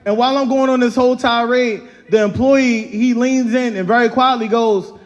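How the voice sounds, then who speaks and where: A man's voice: extremely high pitch, moderate pace, lo-fi sound. A man in his thirties with a Baltimore accent, performing a stand-up comedy set on a large theater stage, telling stories and acting out quoted voices. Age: 30s. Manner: animated, storytelling with quoted voices. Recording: live theater with long reverb.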